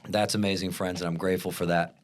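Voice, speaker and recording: A man's voice: deep voice, flat delivery, quick pace. A man hosts a casual podcast, interviewing a friend in an easy, conversational way. He's enthusiastic and loose, swearing casually between questions. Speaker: podcast host.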